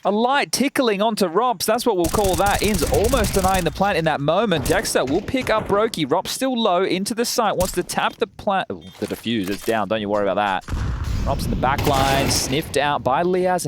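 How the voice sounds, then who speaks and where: Animated play-by-play esports caster man. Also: sits high, normal speed, noisy background. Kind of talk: live esports commentary.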